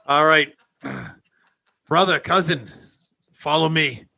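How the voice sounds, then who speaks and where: A man's voice: fairly high pitch, fairly even intonation, slow pace, gravelly, sharp tone, no echo. A man playing a paladin in a tabletop game, joking and boisterous. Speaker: player. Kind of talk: tabletop game play, casual chat.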